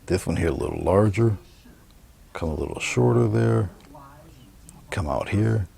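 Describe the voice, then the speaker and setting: Low, slow gravelly man teaching painting. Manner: relaxed, murmured step-by-step commentary while painting. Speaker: painting instructor. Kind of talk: painting demonstration.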